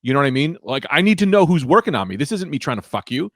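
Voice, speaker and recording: A man's voice: a little high, fast, no echo, studio quality. A man co-hosting a comedy podcast, telling rambling, profane stories in casual banter. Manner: rambling, animated storytelling with profanity. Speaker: podcast co-host.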